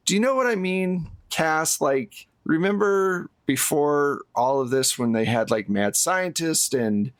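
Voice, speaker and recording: A man's voice: on the high side, expressive, unhurried, few pauses, pitched above the performer's own voice. A man voicing a jaded, teasing male film producer in a tabletop game, talking with dry, sarcastic banter. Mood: wry. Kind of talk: tabletop role-play character voice.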